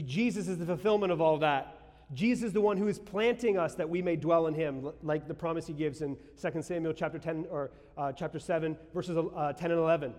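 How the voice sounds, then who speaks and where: High-voiced preacher in a reverberant hall. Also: male voice. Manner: exclamatory, conversational preaching with sudden shouts. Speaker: pastor. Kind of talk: sermon. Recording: long reverb of a large hall.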